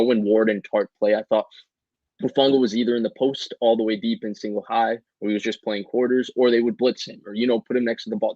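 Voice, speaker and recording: A man's voice: fairly low pitch, darkish tone, no echo, lo-fi sound. A man co-hosting a sports podcast, giving earnest, detailed football analysis with some stammering.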